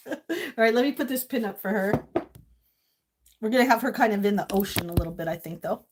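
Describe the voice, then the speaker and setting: A woman's voice: mid-range voice, animated, fairly quick. A woman in her fifties from Maine, hosting a casual livestream from her home kitchen, gushing and emotional as she talks with viewers. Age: 50s. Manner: gushing and emotional, swings between tearful and loud squealing laughter. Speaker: livestream host.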